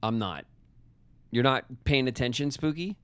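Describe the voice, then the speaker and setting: A man's voice: medium pitch, lively intonation, a little slow, a bit bright, smooth, dry recording. A man streaming a puzzle game live, talking casually and rambling with restarts, joking with his chat as he plays.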